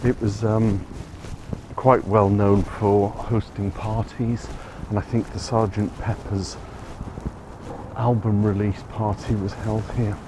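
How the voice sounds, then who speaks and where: A man's voice: lowish voice, little pitch movement, slow pace. A man giving a chatty, rambling walking tour of city streets outdoors, often correcting himself. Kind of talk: casual walking-tour narration. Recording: outdoor street recording with traffic noise.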